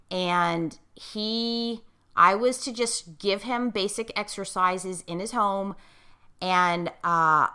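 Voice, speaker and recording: Lowish, bright-toned middle-aged woman coaching. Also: smooth. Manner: emphatic and coaching, checks in with the listener; gets choked up while telling a moving story. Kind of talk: casual conversation with personal storytelling.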